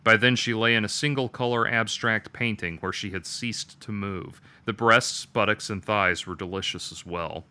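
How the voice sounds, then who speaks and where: A man reading his own dark story aloud with a measured, detached delivery. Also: on the low side, clean tone. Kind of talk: dramatic story narration.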